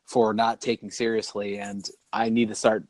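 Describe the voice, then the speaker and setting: A man's voice: on the low side, little pitch movement, normal speed, darkish tone, no room sound. A man co-hosting a podcast in casual chat, rambling and laughing often as he talks. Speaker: podcast co-host.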